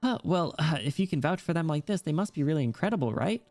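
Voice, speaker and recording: A man's voice: fairly high pitch, lively intonation, quick pace, a little mellow, no room sound, voice pushed up. A man voicing a cheeky, teasing young noble in a game story, in a lifted mock-British voice over faint music.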